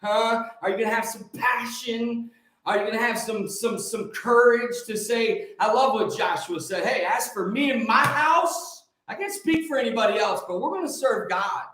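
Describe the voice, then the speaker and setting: Fervent male preacher on a live stream, high-pitched, repetitive declarations, heavy room echo. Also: normal speed. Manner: fervent, repetitive, swings from shouting to soft. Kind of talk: preachy livestream talk answering comments.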